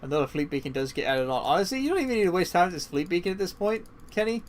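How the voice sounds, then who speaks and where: A man's voice: sits high, rapid-fire. Chatty man casting an esports match. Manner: casual, chatty, swings to excited outbursts. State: yawning, tired. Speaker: esports caster. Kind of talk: play-by-play game commentary.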